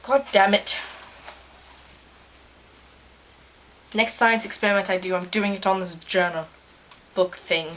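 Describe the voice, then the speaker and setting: A woman playing a smug, rambling male scientist character in a fan-made in-character video, talking with plenty of ums and trailing pauses. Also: mid-range voice, fairly bright tone, natural voice.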